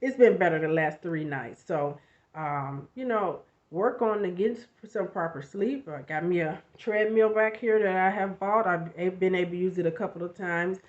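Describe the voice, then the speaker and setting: A woman vlogging casually about self-help, chatty and animated, with frequent asides and a slight cough after illness. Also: fairly low pitch, moderate pace. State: recovering from covid, coughing. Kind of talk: casual motivational vlog. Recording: lo-fi home recording.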